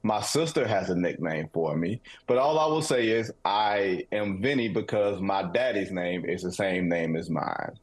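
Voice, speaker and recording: A man's voice: low voice, lively intonation, normal speed, few pauses. A man from Detroit co-hosting a casual sports talk show, emphatic and guarded, repeating short phrases. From Detroit, United States. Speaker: co-host.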